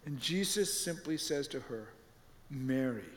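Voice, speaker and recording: Man, pastor, sermon, animated storytelling, fairly high voice, reverberant space. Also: moderate pace.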